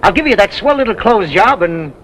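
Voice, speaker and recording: A fast-talking used-car dealer in a 1930s screen comedy who pushes his deals with slangy, wheedling patter. His voice is high for a man and very lively in pitch. Faint hiss lies under it. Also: rough recording. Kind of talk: 1930s film comedy acting.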